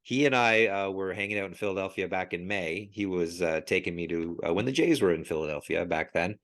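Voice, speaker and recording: Animated man telling stories. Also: low voice, a little fast. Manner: animated storyteller, laughs often. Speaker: podcast guest, sports logo expert. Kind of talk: casual podcast chat.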